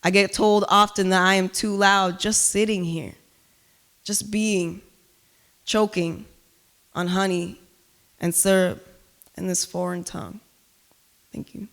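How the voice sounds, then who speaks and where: Intense woman poet, smooth clear voice. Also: mid-range voice, steady tone, slow pace, pauses often. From Cuba. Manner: loud, emphatic, intense delivery. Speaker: spoken word poet. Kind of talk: spoken word poetry performance with chatty asides. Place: live reading at an art gallery.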